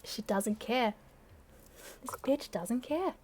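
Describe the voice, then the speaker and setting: A woman's voice: fairly high pitch, expressive, slow, a little mellow, breathy edge. A young woman reading her old teenage story aloud and mocking it with sarcastic, self-deprecating asides and frequent laughter. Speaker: channel host reading her teenage fan fiction aloud.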